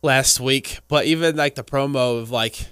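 A man with a light Texan twang, talking in a loose rambling way with plenty of fillers. His voice is bright and smooth. The sound is dry and close. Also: medium pitch, normal speed, no room sound. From Texas. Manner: rambling, filler-heavy, chatty. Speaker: podcast co-host. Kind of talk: casual chat.

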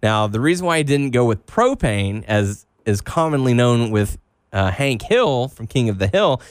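A man's voice: on the low side, no room sound, studio quality. A man from Texas co-hosting a casual podcast, joking and rambling about wrestling and games. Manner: joking, does exaggerated Southern voices. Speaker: podcast co-host.

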